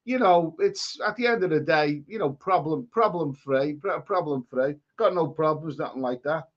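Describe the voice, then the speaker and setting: A man's voice: on the high side, moderate pace, muffled recording. A man with a Scouse accent hosting a live stream, chatting casually and rambling through viewer comments with many restarts. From England.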